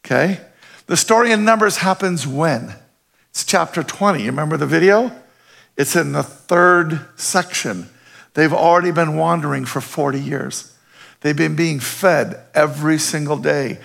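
A man's voice: a little high, measured pace, vocal fry, a bit bright. A middle-aged man preaching a conversational sermon as a pastor, often checking in with his listeners with questions.

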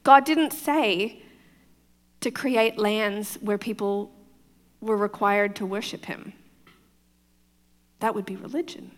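A woman's voice: medium pitch, slow pace, long pauses, long reverb tail. A woman pastor with a foreign accent, preaching a conversational sermon and often checking in with her listeners. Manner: chatty, often checks in with the crowd, laughs easily.

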